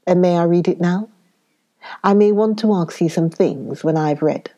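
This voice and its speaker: A woman reading the part of an elderly foreign male professor in an audiobook, speaking earnestly with halting, oddly worded phrasing. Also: fairly low pitch, dark tone, close to an everyday voice. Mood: grateful.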